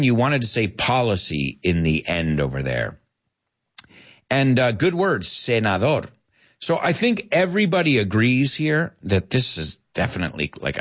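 A man hosts a live English lesson, reading viewer comments and correcting their wording. His voice sits in a middle register yet swings widely in pitch, giving everything an animated, playful bounce. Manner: animated, laughing, switching between English and Spanish to explain. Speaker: English teacher.

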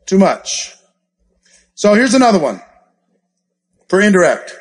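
A man with a high, light voice coaching an audience on sales. He talks in an animated way and acts out sample scripts with gasps and quick shifts in delivery. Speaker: sales trainer. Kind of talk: live training talk with role-play examples.

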